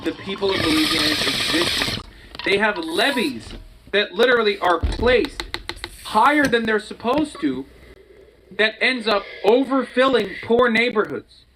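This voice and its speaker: A man's voice: high voice, expressive, unhurried, background noise. A man in a played clip, ranting heatedly and profanely in a commentary.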